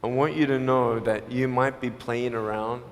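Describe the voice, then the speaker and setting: A man giving a motivational speech to a live audience, telling his story in an animated way, acting out the people in it and mixing playful jokes with earnest appeals. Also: medium pitch, normal speed, in a large hall. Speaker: motivational speaker.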